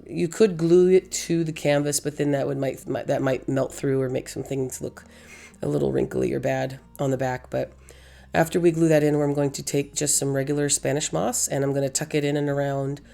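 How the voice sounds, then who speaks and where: A woman with a hoarse, gravelly voice from losing it, chatting through a crafting tutorial as host, rambling and correcting herself. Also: a bass voice, dark tone. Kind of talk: casual crafting tutorial voice-over.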